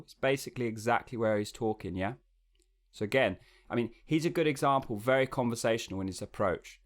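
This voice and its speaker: A man with a lowish voice talks through a singing lesson in a loose, conversational way. He explains as he thinks, circling back with ums and restarts, more like chatting to a student than lecturing. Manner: relaxed, explanatory, thinks aloud with fillers. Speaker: singing coach.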